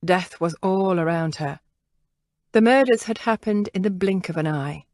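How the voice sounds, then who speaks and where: With a lowish voice, a female narrator delivers scripted audiobook narration of a historical novel, measured and expressive. The recording is clean and studio-made, without any room sound.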